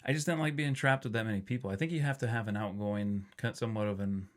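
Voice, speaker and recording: A man's voice: fairly low pitch, fast talker. A man in his forties co-hosting a podcast, chatting casually, often laughing as he reads items from a list. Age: 40s. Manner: joking, laughs often while reading a list aloud. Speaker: podcast co-host. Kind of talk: casual chat.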